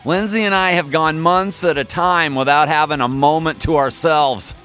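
Deadpan mock-serious male show host. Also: fairly high pitch, moderate pace, soft background music. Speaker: podcast host. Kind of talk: comedic countdown announcing.

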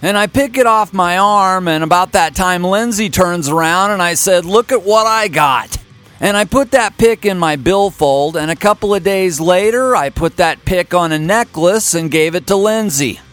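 A man's voice: sits high, normal speed, hardly any pauses, fairly bright tone, faint music behind. Wry, folksy man in his fifties. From Kansas City area, USA. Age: 50s. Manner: folksy, wry and self-mocking. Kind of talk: casual storytelling monologue.

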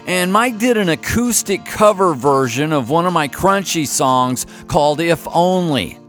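Deadpan mock-serious male show host. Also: fairly high pitch, unhurried, faint music behind. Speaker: podcast host. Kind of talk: comedic countdown announcing.

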